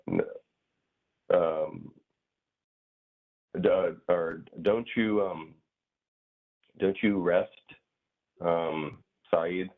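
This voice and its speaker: Low-voiced man teaching, tinny line. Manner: hesitant, many fillers and restarts. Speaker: grammar teacher. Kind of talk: casual online class explanation.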